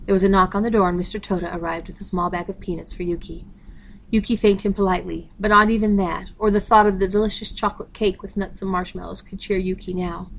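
A woman's voice: mid-range voice, steady tone, quick pace, creaky, slight background noise, rough recording. A woman steadily reading a novel aloud, announcing page numbers. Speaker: audiobook reader.

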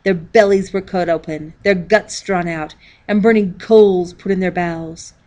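A woman reading aloud as a stern male church elder who tells a grim story slowly and darkly. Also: fairly low pitch, fairly even intonation, close to an everyday voice. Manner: slow and dark, graphic telling.

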